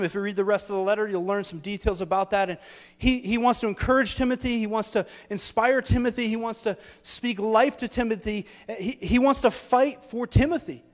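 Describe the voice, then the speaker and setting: A man's voice: high-pitched, big-room sound. A man preaching a sermon as pastor, earnest and storytelling, building his points through repeated phrases.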